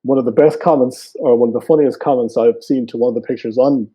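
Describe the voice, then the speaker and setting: Husky West Cork man telling old stories. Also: medium pitch, fast talker. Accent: Irish, West Cork. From Ireland. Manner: relaxed storytelling with fillers. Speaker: guest, photographer. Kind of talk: casual chat. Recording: dull lo-fi sound.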